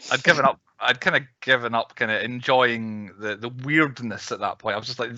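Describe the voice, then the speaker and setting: A man's voice: medium pitch, a little fast, pushed and bright, no room sound, dull audio. A man co-hosting a podcast, chatting casually about a film and laughing often. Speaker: podcast co-host. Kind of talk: casual chat reviewing a film.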